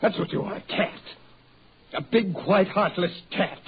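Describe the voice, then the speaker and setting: An actor playing a desperate young husband in 1940s radio acting, overwrought and pleading. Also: male voice, sits high, measured pace, noisy background. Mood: mocking. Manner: overwrought, pleading, breaking into wild laughter. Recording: tinny, phone-like old radio recording.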